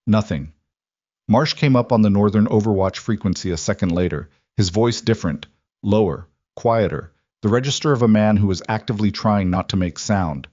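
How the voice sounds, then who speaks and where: Male narrator, low voice, steady dramatic thriller read, dry close muffled sound. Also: moderate pace, no echo. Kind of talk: scripted narration.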